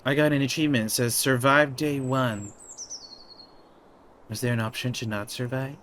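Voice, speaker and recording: A man giving casual let's-play commentary, excitable and quick to swear and laugh at what happens. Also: mid-range voice, a little hiss or hum. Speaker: gamer. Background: game music.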